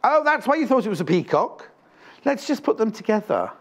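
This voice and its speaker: Selling fabric on live studio TV, this home shopping host talks fairly quickly with big swings in pitch. His voice sits slightly high for a man, and his patter mixes prices, jokes, and teasing asides.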